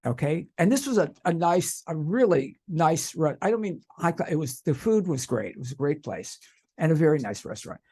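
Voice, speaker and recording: Husky older male talk host. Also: fairly high pitch, sing-song, brisk, mellow. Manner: rambling anecdotal storytelling with restarts. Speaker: radio talk show host. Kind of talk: casual interview chat.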